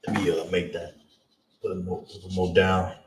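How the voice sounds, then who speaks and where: A man teaching a live-streamed lesson, drilling pronunciation slowly and checking in with viewers as he goes. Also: sits low, completely flat delivery, reverberant, recorded from a distance, a little hiss or hum, poor audio. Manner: slow, drawn-out pronunciation drills with repeated check-ins.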